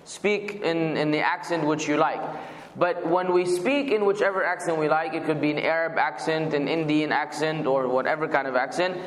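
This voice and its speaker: A man teaching a weekly Quran commentary class, patiently explaining and spelling out words. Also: sits high. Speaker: religious teacher. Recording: echoey, reverberant hall.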